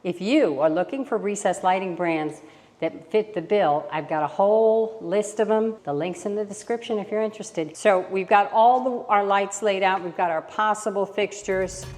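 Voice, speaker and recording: A woman's voice: medium pitch, normal speed, darkish tone. Woman designer in an echoey room. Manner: practical, reassuring, thinks aloud while counting. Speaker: interior designer. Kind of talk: casual on-site walkthrough tutorial. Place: kitchen under renovation, indoors.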